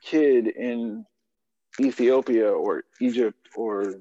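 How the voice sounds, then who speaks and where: A man's voice: medium pitch, takes it slowly, warm tone. A man guesting on a podcast, musing aloud in casual chat and leaning on fillers as he rambles through his points. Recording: dull lo-fi sound with long reverb.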